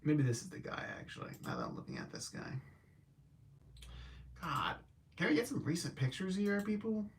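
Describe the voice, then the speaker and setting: A man's voice: a little high, huge pitch swings, moderate pace, vocal fry, long pauses, a little hiss or hum. Rambling man chatting about movies. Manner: rambling, self-correcting, thinking aloud. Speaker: film reviewer host. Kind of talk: casual livestream movie review.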